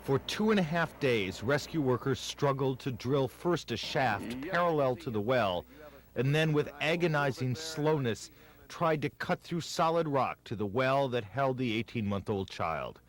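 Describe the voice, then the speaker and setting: A man narrating a news piece in a grave, deliberate manner. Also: mid-range voice, animated.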